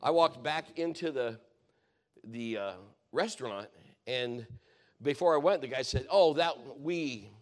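A man's voice: medium pitch, expressive, measured pace. A man preaching, telling a personal story in a rambling, conversational way, often correcting himself. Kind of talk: sermon testimony storytelling.

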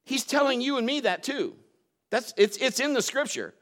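A man preaching a sermon, telling stories and swinging between loud emphatic bursts and quiet low asides. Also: expressive, moderate pace.

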